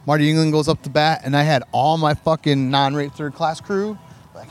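Streamed live on a phone or camera from a hotel pool, this podcast co-host and Navy veteran rambles through profane service stories in a casual chat. He's animated, with a voice on the high side at a moderate pace.

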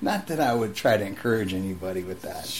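A man's voice: low-pitched, big pitch swings, quick pace, vocal fry, background noise. A young man in casual chat, profane and loose, stumbling over restarts as he tells a story. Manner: loose, profane, restarts often and acts out voices in anecdotes.

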